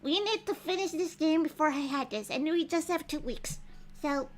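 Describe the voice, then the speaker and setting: High-pitched woman streamer, giggly and chatty. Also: normal speed, rough recording. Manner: chatty and giggly, thinking aloud with many restarts. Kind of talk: casual livestream commentary.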